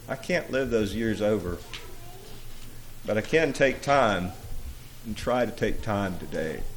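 A male preacher speaking quietly and reflectively before reciting a poem in a sermon. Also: fairly low pitch, a little hiss or hum.

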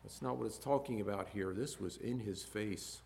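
Gravelly-voiced man preaching with swelling intensity. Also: moderate pace. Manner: swings from quiet low musing to loud impassioned emphasis; reads scripture aloud in King James wording. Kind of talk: sermon.

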